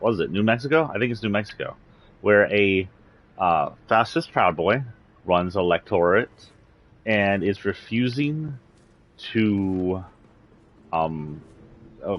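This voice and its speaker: On his livestream, a Texan from San Antonio rants about politics, blunt and indignant, with a faint Southern accent. His voice is on the low side, and the high frequencies are cut off.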